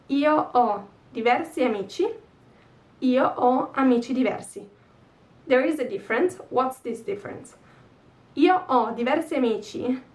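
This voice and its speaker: A woman's voice: a little high, far from the mic. A woman with an Italian accent teaching a language lesson, patiently repeating example sentences.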